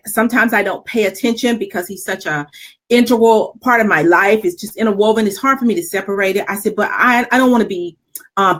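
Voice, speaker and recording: Middle-aged woman talk co-host, mid pitch, animated storyteller. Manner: animated storyteller, laughs often. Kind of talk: casual chat and personal storytelling.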